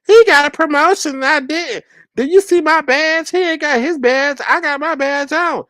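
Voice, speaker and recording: A man imitating a whiny grown man who brags about his rank, in a high, drawn-out voice. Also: bright, forceful tone, no room sound, clean studio sound. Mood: whining. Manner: whining, drawn-out.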